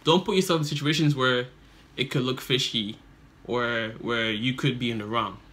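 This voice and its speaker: A man hosting a reaction video on his channel chats in a relaxed way and hands out advice, repeating himself a lot and using loose slang. His voice is mid-range and moderately paced.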